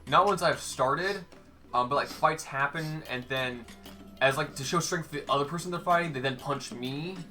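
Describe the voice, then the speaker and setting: A woman's voice: rumbling low, expressive, normal speed, a bit bright. A woman voicing a shabby, lonely middle-aged man who talks hesitantly through a mouthful of food. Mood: rambling. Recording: background music.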